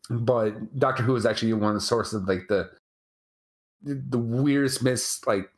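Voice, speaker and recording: An American man co-hosting a casual chat, rambling and halting with many restarts. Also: mid-range voice. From United States. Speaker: co-host.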